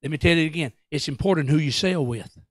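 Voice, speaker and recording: A man's voice: a little high, fast talker, no echo, clean studio sound. A male pastor, preaching a storytelling sermon in a church, acting out quotes and calling out to the congregation. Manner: animated, acts out quotes, Pentecostal call-outs.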